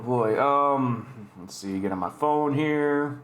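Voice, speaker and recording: A man's voice: mid-range voice, a little slow, hardly any pauses. A man telling stories and reacting as a casual YouTube host, rambling and swearing often. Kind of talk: casual storytelling and reaction commentary. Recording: roomy echo.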